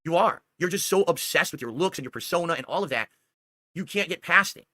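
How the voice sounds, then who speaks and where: An angry man rants at a rival in a fast, heated stream, cursing and pressing him with repeated questions. His voice is bright and cutting and sits a bit high. The sound is dry and close. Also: lively intonation, no echo, faint music behind. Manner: heated, scolding, profane, repeatedly asking "do you understand". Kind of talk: angry ranting monologue.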